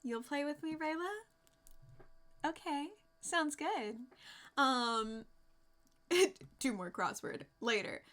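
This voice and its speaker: A woman's voice: sits high, takes it slowly, sharp tone. A woman streamer giving wry, exasperated casual commentary as she reacts to clips.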